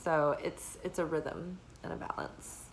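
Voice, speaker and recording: A young adult woman giving a casual weekly oracle card forecast, talking in a relaxed, meandering way with lots of fillers. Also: low voice, measured pace, a little hiss or hum, poor audio. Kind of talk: casual spiritual forecast chat.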